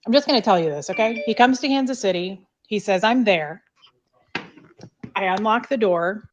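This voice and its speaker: A woman's voice: medium pitch, expressive, quick pace, a little hiss or hum. Woman, candid storyteller, salty and blunt, muffled call audio. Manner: blunt, swears freely, many "like" fillers. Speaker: guest recounting her past.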